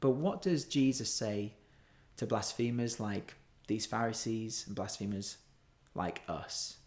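A man's voice: lowish voice, measured pace, darkish tone. A man preaching a sermon in an earnest, emphatic way, stretching out key words for weight.

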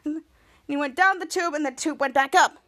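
A woman with a high, light voice hosts a casual podcast and walks through a TV episode scene by scene. Her telling rambles and stops and starts, with frequent restarts. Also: quick pace, sharp tone. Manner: rambling, stop-start retelling with many restarts. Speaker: podcast host.

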